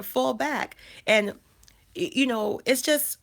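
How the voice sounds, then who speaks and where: A woman in her thirties talks straight to her viewers in a casual livestream. Her voice sits on the higher side. She speaks emphatically, repeats her key phrases and often restarts her sentences. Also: takes it slowly, creaky. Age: 30s. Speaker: life coach and channel host.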